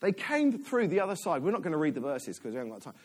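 A man's voice: fairly high pitch, wildly swooping pitch, fast, a little mellow. A man, a church elder, giving a chatty, self-deprecating sermon in a church.

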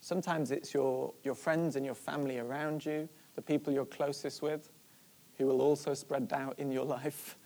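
A preacher giving a sermon, retelling a story in an animated way and asking the listeners rhetorical questions. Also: mid-range voice, moderate pace.

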